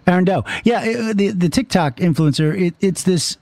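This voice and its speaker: A man co-hosting a podcast in casual chat, animated and quick to jump in. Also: sits high, creaky, no room sound. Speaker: podcast co-host.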